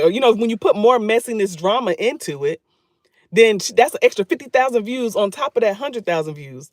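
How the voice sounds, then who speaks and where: A man's voice: sits high, normal speed, no room sound, studio quality. A man talking casually to his viewers on a livestream, repeating phrases for emphasis. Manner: chatty, talks straight to viewers. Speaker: YouTube livestreamer.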